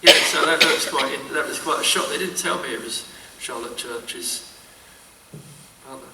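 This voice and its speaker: A man's voice: on the high side, moderate pace, very noisy. An older man chatting as a convention panel guest, telling rambling anecdotes full of false starts, recorded at a distance in an echoey hall. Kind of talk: casual panel chat.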